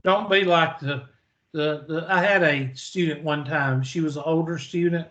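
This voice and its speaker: A man's voice: on the high side, moderate pace, a bit bright. A man teaching a math lecture in a folksy manner, asking the class questions and answering them himself. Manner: folksy, storytelling, asks and answers own questions. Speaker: math instructor.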